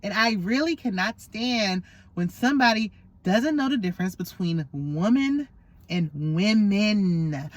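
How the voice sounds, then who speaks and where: A woman's voice: medium pitch, animated, measured pace, no room sound. A woman hosting a casual, opinionated reality TV recap, sassy and gossipy with lots of slang.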